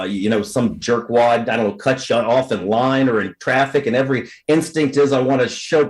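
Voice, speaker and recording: Talk show cohost guy, middle voice, rambles a lot, keeps restarting his sentences. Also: medium pitch. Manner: rambling, self-interrupting. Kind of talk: casual talk show chat.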